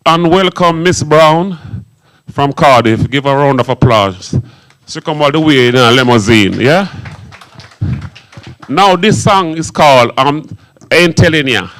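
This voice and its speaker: Energetic male entertainer hyping a crowd. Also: fairly high pitch, a little slow, poor audio. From Zimbabwe. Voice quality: Caribbean-inflected patois speech. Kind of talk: live stage performance with crowd call-and-response. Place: event hall.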